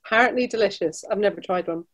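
A woman's voice: mid-range voice, fast, a bit bright. Scottish woman chatting about travel, friendly, restarts a lot, laughs here and there. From Scotland. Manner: chatty, restarts often, laughs between points. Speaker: travel business director, guest. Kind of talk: casual interview chat.

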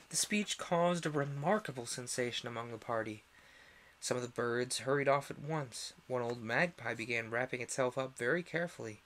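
A man's voice: mid-range voice, moderate pace, slight background noise. Young man reading a storybook aloud. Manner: expressive reading, voices the characters.

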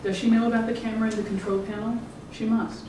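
An author giving a measured, rhythmic public reading of their own fiction. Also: medium pitch, little pitch movement. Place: event room. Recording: echoey room, distant mic, background noise.

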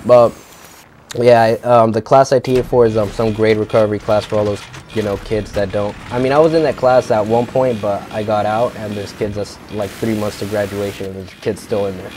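A man's voice: on the low side, fairly even intonation, fairly quick, darkish tone, a little hiss or hum. A teenage young man ranting in a profane, rambling way, full of fillers, as he tells a story for his vlog. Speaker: vlogger.

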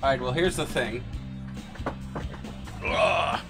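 A man's voice: medium pitch, extremely slow, music in the background. A man streaming a game, giving rambling, jokey commentary and often laughing at his own jokes. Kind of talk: casual gameplay commentary.

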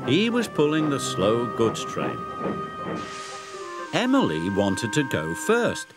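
Animated storybook narrator, man. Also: medium pitch, takes it slowly, over loud music. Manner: animated, storyteller's sing-song.

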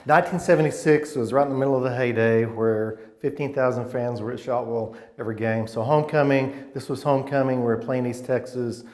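A man in his sixties, a former college football player, reminiscing in a casual interview as a rambling, animated storyteller who often restarts his sentences. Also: medium pitch, brisk, hardly any pauses. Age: 60s. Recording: roomy echo.

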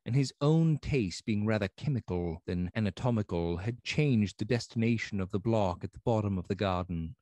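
Low voiced guy reading an old novel aloud, steady and dry, close sound. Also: no room sound. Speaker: audiobook narrator. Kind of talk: scripted narration of a classic novel.

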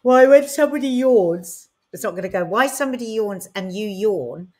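A woman co-hosting a podcast in casual chat, chatty and quick to laugh, reading out viewer comments. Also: medium pitch, lively intonation, dark tone. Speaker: podcast co-host.

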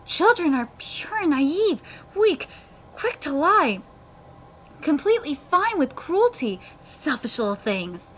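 A woman's voice: high voice, very animated, takes it slowly, fairly bright tone, slight background noise, pitched above the performer's own voice, exaggerated voice. A woman reading aloud the lines of a weeping, solemn giant monk swordsman, in her own everyday voice. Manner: reads manga dialogue aloud in her own voice.

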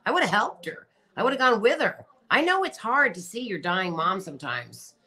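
Bright-voiced chatty woman livestreaming. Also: medium pitch, sing-song, moderate pace. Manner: chatty, reads viewer comments aloud, laughs often. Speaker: livestream host. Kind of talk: casual livestream chat.

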